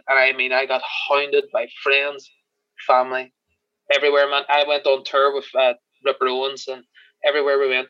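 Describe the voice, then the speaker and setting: An Irish man, a podcast guest, telling animated stories in casual chat, swearing and laughing as he goes. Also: mid-range voice, no room sound, muffled recording. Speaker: podcast guest, special effects crew member.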